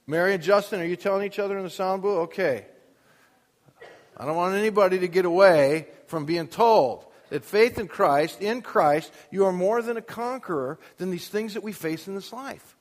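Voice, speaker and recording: A man's voice: high voice, normal speed. A man preaching a sermon in a church, pressing his point with rhetorical questions and rising emphasis. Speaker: pastor. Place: church with a sound booth. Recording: long hall reverb.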